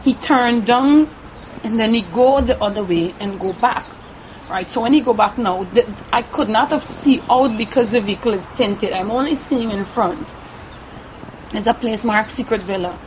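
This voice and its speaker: A woman with a Guyanese Creole accent giving a halting first-person account, often repeating herself and tagging her sentences with "right?". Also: on the high side, darkish tone, slight background noise, poor audio. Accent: Guyanese Creole English. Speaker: interviewee.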